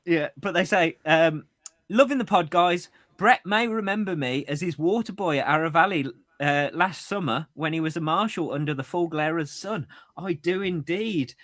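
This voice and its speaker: A man's voice: a little high, normal speed, fairly bright tone, no room sound, studio quality. A man co-hosting a podcast in casual chat, reading out listener messages and laughing often. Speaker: podcast co-host.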